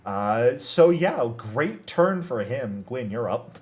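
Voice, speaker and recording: A man's voice: medium pitch, very animated, takes it slowly, darkish tone. A man running a tabletop game as game master, explaining rules and laughing often.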